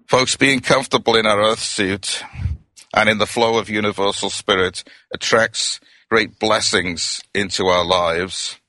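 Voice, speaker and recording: A middle-aged man from Wales with a Welsh accent, giving a gentle, reflective sermon as a minister. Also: sits low, dry recording. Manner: gentle, reflective, addresses listeners as friends.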